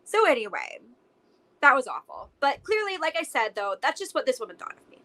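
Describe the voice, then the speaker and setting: A woman's voice: high voice, very animated, a little fast, pushed and bright, low-quality recording. A young adult woman, a podcast guest, telling her story in casual chat with lots of fillers. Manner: talks emotionally with many "like"s.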